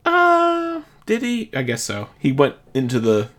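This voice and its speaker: A man co-hosting a laid-back film podcast. His pitch moves a lot as he talks, with plenty of easy agreement and wry asides. The delivery is unhurried and chatty. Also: wildly swooping pitch, fairly bright tone. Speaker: podcast co-host. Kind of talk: casual movie discussion.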